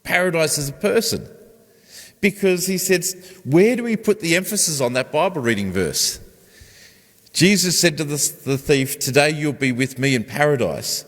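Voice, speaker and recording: A man's voice: on the high side, big pitch swings, normal speed. A man, a pastor preaching a conversational sermon and putting questions to his congregation. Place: church. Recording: long church reverb.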